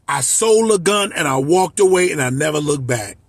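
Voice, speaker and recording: A man in his fifties from Miami, a life coach, delivering an impassioned, profane, shouting monologue. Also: a little high, animated, normal speed, vocal fry, few pauses, slightly rough, no echo. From Miami, United States. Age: 50s. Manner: shouting, profane, emotional ranting.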